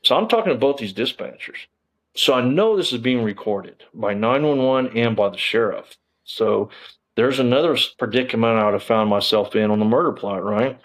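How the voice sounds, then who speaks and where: A man's voice: mid-range voice, expressive, moderate pace, low-quality recording. A man, a former police officer telling his story in a casual interview, rambling with lots of fillers and frank swearing.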